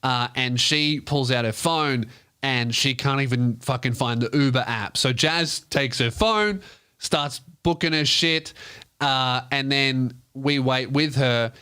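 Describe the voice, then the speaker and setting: A man's voice: mid-range voice, takes it slowly, bright, forceful tone, smooth. Man telling a profane story. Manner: loose, profane, rambling anecdote. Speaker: comedian podcast host. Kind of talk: comedic storytelling.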